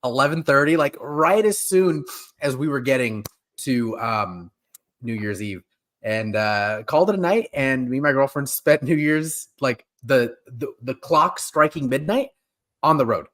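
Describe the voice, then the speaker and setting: A man's voice: medium pitch, animated, a little slow, a bit bright. Joking male live-stream host. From California. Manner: jokey, laughing, rambling with fillers. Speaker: podcast host. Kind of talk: casual chat.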